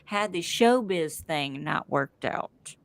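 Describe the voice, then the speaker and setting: A woman with a Southern US accent co-hosting a casual podcast, joking and quick to laugh. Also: low-pitched, animated, dry recording. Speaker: podcast co-host. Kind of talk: casual recap chat.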